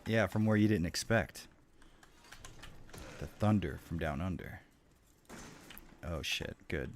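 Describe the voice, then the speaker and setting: A young man streams a horror game live, cursing and mocking the enemies in excitable, jokey trash talk. His voice is low and slow-paced, with a faint hiss or hum in the background.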